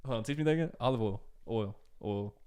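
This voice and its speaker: A man's voice: mid-range voice, rapid-fire, a little mellow, clean tone. A young man from Iowa with a Midwestern accent, hosting a casual podcast chat in a joking, playful way. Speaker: podcast host.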